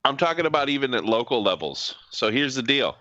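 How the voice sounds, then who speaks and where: A man's voice: medium pitch, very animated, a little fast, sharp tone, dry recording. A man co-hosting a podcast, blunt and opinionated, running a segment. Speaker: podcast co-host. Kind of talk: casual chat. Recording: dull lo-fi mic.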